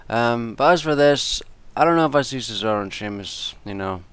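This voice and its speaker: A man's voice: medium pitch, expressive, normal speed, clean tone, no echo. A man giving casual, rambling predictions and reviews, exasperated and swearing freely as he talks. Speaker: wrestling commentator and vlogger.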